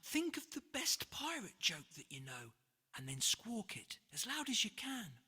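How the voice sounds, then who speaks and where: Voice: medium pitch, a little slow, slightly rough, voice pushed up, full character voice. A storybook reader voicing an eager young boy who longs to be a pirate. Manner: eager, excited calling out. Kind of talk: storybook read-aloud. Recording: long reverb, faint music behind.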